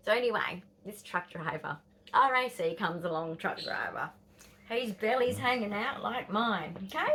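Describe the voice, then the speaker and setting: A woman's voice: fairly low pitch, pushed and bright. An Australian woman in her fifties telling a rambling, blunt story to camera, swearing and dropping into whispers. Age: 50s. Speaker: vlogger.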